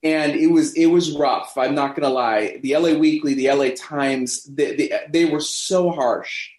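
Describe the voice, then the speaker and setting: Guy in his 50s telling a story on a podcast, animated, does the voices, roomy echo. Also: on the high side, measured pace. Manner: animated, acts out quoted voices. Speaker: podcast guest. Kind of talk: anecdotal storytelling in a podcast interview. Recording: echoey room.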